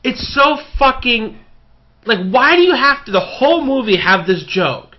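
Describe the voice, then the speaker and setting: A man's voice: extremely high pitch, very animated, unhurried. A man co-hosting a movie review podcast, ranting with exasperation and plenty of swearing. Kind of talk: casual movie review chat. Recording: dull lo-fi podcast audio.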